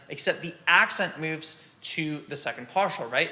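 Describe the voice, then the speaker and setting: A man teaching drum rudiments in a relaxed, practical way, sometimes scatting the rhythms aloud. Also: fairly high pitch, normal speed, hardly any pauses. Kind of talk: instructional explanation.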